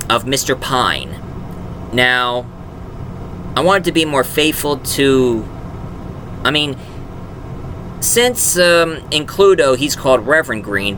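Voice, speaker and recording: A man's voice: mid-range voice, noisy background. A man who makes audio dramas, talking in a casual, rambling way with frequent fillers and restarts. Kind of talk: casual vlog talk.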